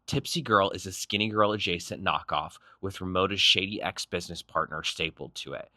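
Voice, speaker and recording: A man's voice: low voice, pushed and bright, no room sound. A man narrating a reality show recap in a snarky, punchy scripted style. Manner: snarky, punchy, quick quips.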